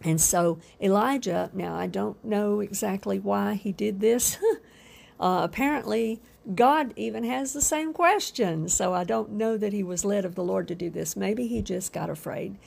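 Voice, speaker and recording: A woman preaching a sermon with fervent emphasis, drawn-out phrases and soft asides. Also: medium pitch, gravelly.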